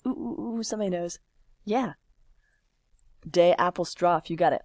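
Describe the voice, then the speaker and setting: A woman's voice: on the low side, a little mellow, no echo, clean studio sound. A woman teaching a French lesson, patiently walking a class through examples while typing and encouraging answers. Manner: patient, encouraging, slow and drawn-out.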